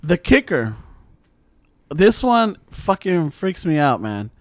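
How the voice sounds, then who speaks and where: Animated man telling a spooky story. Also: a little high, slow pace, no room sound, studio quality. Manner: animated storytelling, swearing, mixes in Spanish. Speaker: storyteller guest. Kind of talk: casual chat.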